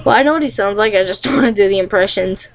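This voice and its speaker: A woman's voice: medium pitch, rapid-fire, gravelly, poor audio. A young woman vlogging an impression challenge, giggly and self-mocking, rambling between tries.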